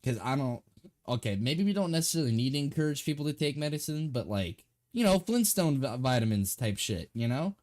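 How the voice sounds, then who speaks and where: A man's voice: mid-range voice, lively intonation, brisk, a little mellow. A man streaming and reacting to a video, talking in a goofy, stammering way and repeating words for laughs. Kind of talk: casual live-stream chat.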